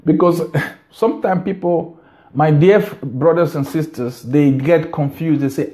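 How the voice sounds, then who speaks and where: Nigerian guy vlogging from home, kinda high voice, slow and rambly, keeps repeating himself. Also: animated, mellow. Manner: rambling, repeats words, emphatic. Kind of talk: casual monologue to camera. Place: his house.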